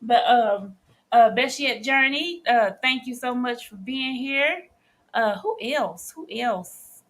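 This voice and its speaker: A woman's voice: high-pitched, slow, fairly bright tone. A woman from Texas, co-hosting a casual live stream and chatting as she greets viewers by name.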